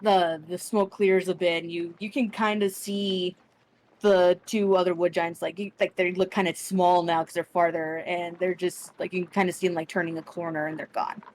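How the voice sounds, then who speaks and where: A woman's voice: fairly low pitch, level tone, moderate pace, darkish tone, a little hiss or hum. A young adult woman narrating a tabletop game as game master, rambling with lots of restarts and fillers. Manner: rambling, full of likes and restarts.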